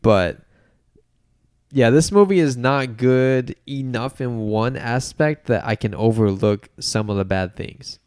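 A man's voice: mid-range voice, takes it slowly, a little mellow, clear, resonant tone, no echo, clean studio sound. A young man co-hosting a casual movie podcast, joking and laughing often. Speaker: podcast co-host.

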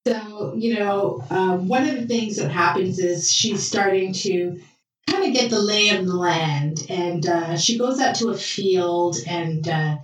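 A woman co-hosting a casual chat, telling a TV drama's plot in a relaxed way with many fillers. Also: mid-range voice, unhurried. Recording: echoey room, far from mic, faint music.

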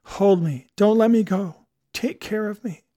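Man voicing aging actress, pleading, raised pitch, dry close sound. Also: a little slow, dark tone, no echo. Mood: tearful. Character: stage-weary older actress, tearful, pleading woman.

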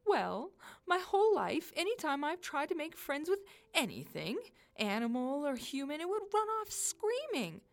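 A huge, fluffy male yeti who scares easily and yelps in a squeaky, high voice, as a woman reads him aloud. He swings wildly up and down in pitch and sounds silly and lonely. A children's storybook character. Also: very animated, slow, heavily acted. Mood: sad.

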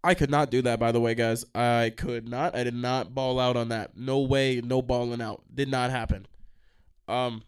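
A young man talks off the cuff in a college radio studio, profane and excitable, veering from one tangent to the next. His pitch sits in the middle for a man. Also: normal speed, clear, resonant tone. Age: young adult. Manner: profane, excitable, jumps off track. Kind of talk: casual rambling monologue.

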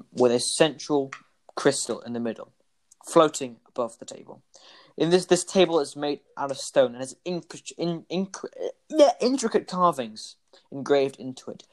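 A man's voice: mid-range voice, poor audio. Man, game master, playful, rambling narration.

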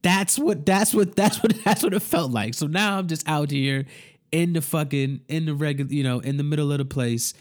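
A man telling a story in casual, profane speech, animated and acting out the other people in it. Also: fairly high pitch, normal speed. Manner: animated, swearing, acts out every voice.

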